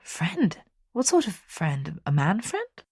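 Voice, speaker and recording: A woman's voice: lowish voice, wildly swooping pitch, slow, a little mellow, breathy edge, no echo, studio quality, heavily acted. A woman reading the part of an anxious, fretting middle-aged mother, worried and scolding. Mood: anxious, fretful.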